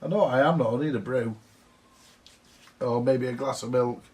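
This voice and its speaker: A man's voice: mid-range voice, moderate pace, a little mellow, far from the mic. A man chatting casually about a repair job, rambling with lots of fillers and the odd swear word. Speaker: vintage audio repair vlogger. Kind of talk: casual workshop talk to camera.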